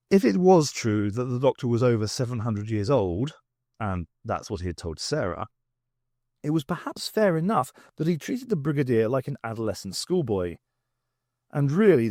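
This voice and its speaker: Male novel reader, lively pitch, dry close sound. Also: no room sound. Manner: expressive, varied storytelling. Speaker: audiobook reader. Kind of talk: unabridged novel reading.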